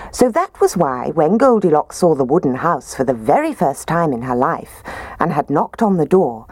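A woman gently reading a children's story aloud, with an expressive manner. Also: low-pitched, slightly rough, no echo.

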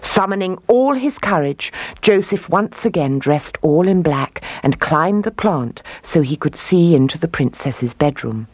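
A woman reading a fairy tale aloud in an expressive, lilting storybook manner. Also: sits low, measured pace, few pauses, breathy edge, no room sound.

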